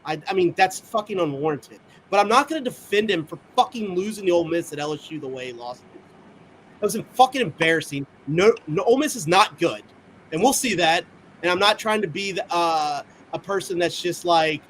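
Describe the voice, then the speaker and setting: A man's voice: sits high, brisk, a bit bright, slight background noise, rough recording. A man co-hosting a casual sports podcast, ranting angrily with heavy profanity. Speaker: podcast co-host.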